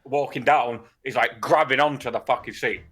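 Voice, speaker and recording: A man's voice: medium pitch, steady tone, moderate pace, a bit bright, slight background noise. A man co-hosting a podcast, telling a story in casual chat, swearing and laughing often. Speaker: podcast co-host.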